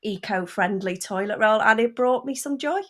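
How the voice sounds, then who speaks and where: A woman's voice: medium pitch, moderate pace, fairly bright tone. A woman co-hosting a podcast, upbeat and encouraging as she tells light stories. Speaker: podcast co-host. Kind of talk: casual chat.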